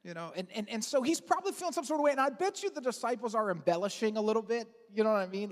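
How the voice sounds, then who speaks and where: A lead pastor giving an Easter sermon in an energetic, conversational way with casual asides and fillers. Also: medium pitch, very fast, few pauses, big-room sound. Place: large church auditorium.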